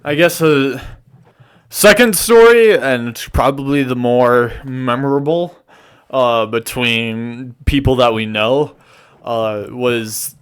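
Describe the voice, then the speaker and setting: A man's voice: mid-range voice, slow, clear, resonant tone. A man co-hosting a podcast in casual chat, talking hesitantly with many fillers. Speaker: podcast co-host.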